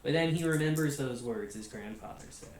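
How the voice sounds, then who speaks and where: An American man hosting a casual anime review, chatty and relaxed, laughing often and filling gaps with "you know" and "like". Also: mid-range voice, fairly quick, recorded from a distance. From United States. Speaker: anime reviewer, channel host. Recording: very echoey room, voice off-mic, faint hiss.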